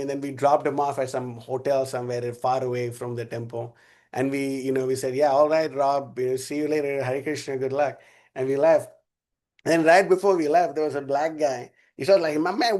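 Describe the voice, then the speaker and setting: A man's voice: on the high side, darkish tone. A man giving a casual spiritual class, telling a rambling story with frequent laughter. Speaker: class speaker.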